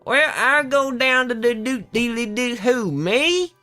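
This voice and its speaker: A man putting on a high, squeaky voice as a twangy southern yokel, drawling his words. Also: animated, takes it slowly, sharp tone, soft background music, heavily acted. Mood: hammy. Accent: put-on American Southern.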